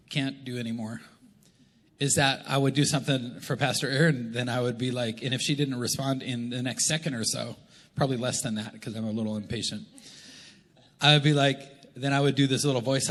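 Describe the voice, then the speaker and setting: A man's voice: medium pitch, fairly even intonation, quick pace, bright, forceful tone. A man preaching a sermon as a pastor, in a loose, conversational and joking way. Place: church auditorium. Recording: long church reverb.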